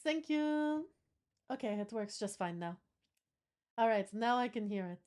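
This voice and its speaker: A woman's voice: mid-range voice, moderate pace, darkish tone. A woman streamer chatting casually with her viewers, swearing now and then as she fixes her audio setup. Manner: chatty, swears, talks to chat while troubleshooting. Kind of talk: casual live-stream chat.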